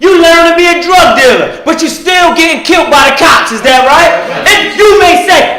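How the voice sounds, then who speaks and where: A man preaching a sermon, often shouting and asking the crowd "is that right?" to get answers. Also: very high voice, moderate pace, roomy sound, a little hiss or hum, poor audio. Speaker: minister.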